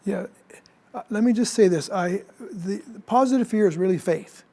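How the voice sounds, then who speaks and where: Gravelly high-voiced man in his seventies. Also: moderate pace, warm tone. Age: 70s. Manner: explanatory, with restarts. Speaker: psychologist guest. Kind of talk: studio interview. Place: TV news studio.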